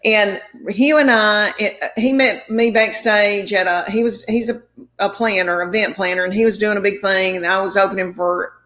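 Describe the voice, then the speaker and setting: Middle-aged woman comedian, chatty storyteller, rambling and warm-hearted in tone; medium pitch. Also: steady tone, moderate pace. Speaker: comedian guest. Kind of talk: casual storytelling.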